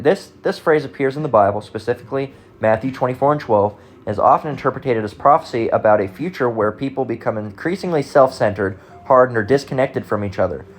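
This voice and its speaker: A man's voice: mid-range voice, slight background noise. A man giving casual, rambling commentary on online comments, talking bluntly and profanely with frequent restarts.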